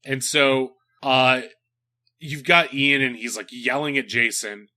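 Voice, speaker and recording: A man's voice: mid-range voice, takes it slowly, sharp tone. A man hosting a comedy podcast, reviewing a film in rambling casual chat full of filler words. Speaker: podcast host.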